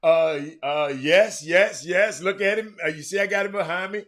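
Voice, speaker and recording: A man's voice: high voice, normal speed, fairly bright tone. A man hosting a sports talk stream from a room at home, chatting loosely and calling out viewers by name. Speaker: sports talk show host. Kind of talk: casual live-stream chat.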